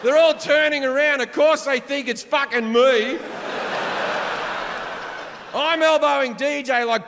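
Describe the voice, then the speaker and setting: Aussie stand-up guy, foul-mouthed and animated, yelling the punchlines, faint crowd noise behind. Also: very high-pitched, a little slow, long pauses. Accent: Australian. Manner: crude, animated, swings into shouted punchlines. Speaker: stand-up comedian. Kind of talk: stand-up storytelling. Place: large concert venue on stage. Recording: live hall reverb with faint crowd ambience.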